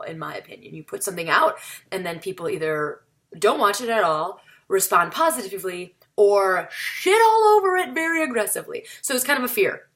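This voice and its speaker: A woman stand-up comedian vlogs indoors on a camera mic, talking casually to camera in a chatty, self-mocking way. Her voice is mid-range and a bit bright.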